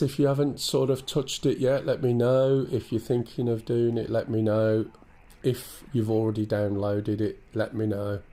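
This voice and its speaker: A male game streamer with an English accent and a cold-stuffed nose chats through a live flight-sim stream, thinking aloud and greeting viewers. His medium-pitched voice is gravelly yet warm.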